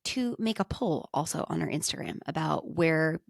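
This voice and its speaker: A woman's voice: sits low, lively intonation, normal speed, creaky, dry recording, clean studio sound. A young woman co-hosting a podcast, chatting casually and enthusiastically with lots of fillers. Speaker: podcast co-host. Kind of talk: casual chat.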